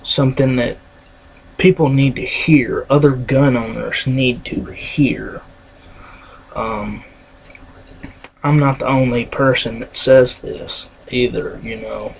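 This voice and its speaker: A man with a Kentucky accent talks slowly to the camera in a small indoor room, his voice a bit scratchy. He stops often and fills the gaps with ums and uhs. A light hiss sits under the recording. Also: medium pitch, fairly even intonation, creaky. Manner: halting, with many fillers and pauses. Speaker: vlogger. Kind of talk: casual vlog talk.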